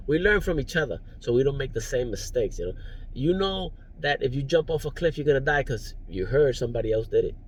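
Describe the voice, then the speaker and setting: A man giving rambling, preachy life advice in a casual vlog, recorded in his parked car, chuckling now and then. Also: medium pitch. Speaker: vlogger, driver.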